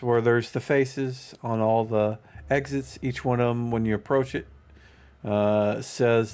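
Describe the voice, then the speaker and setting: A man narrates as game master of a tabletop game, his medium-pitched voice a little mellow. He rambles loosely, often saying "you know" and restarting his sentences.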